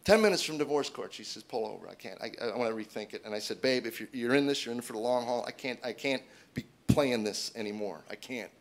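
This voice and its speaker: Guy in his 40s doing standup, talks fast, storytelling, voice shoots way up when he quotes people. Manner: animated, acts out quotes with big loud jumps in pitch. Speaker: stand-up comedian. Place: stage before an audience.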